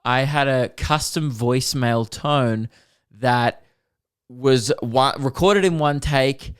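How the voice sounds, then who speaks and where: A man's voice: mid-range voice, slow pace, smooth, no room sound, studio quality. A young man, co-hosting a podcast in casual chat, blunt and joking with casual swearing. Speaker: podcast co-host.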